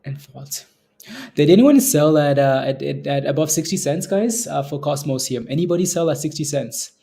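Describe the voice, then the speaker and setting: A man's voice: fairly high pitch, fairly quick, gravelly, dark tone. A man hosting a live stock trading stream, chatting casually with viewers and chuckling often as he comments on the market. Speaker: stock trading livestream host.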